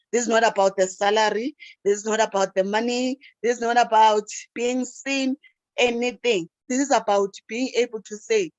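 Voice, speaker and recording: A woman's voice: on the high side, normal speed, dry recording, rough recording. A woman, a teacher and life coach, giving an emotional motivational talk on a video call. She repeats herself often and keeps calling her listeners guys.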